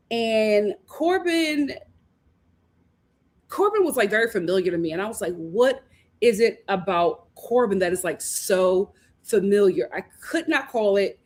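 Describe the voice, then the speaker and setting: A woman hosting a casual live recap of a reality show, talking animatedly and acting out the cast's lines. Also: on the high side. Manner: animated, acts out quotes, laughs often. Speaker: host reviewing a reality show.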